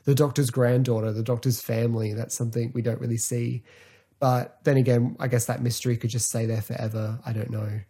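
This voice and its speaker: A man's voice: mid-range voice, little pitch movement, fairly quick, dark tone, breathy edge. A man hosting a podcast, chatting in a loose, rambling way about a TV show, full of fillers. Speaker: podcast host. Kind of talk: casual podcast review.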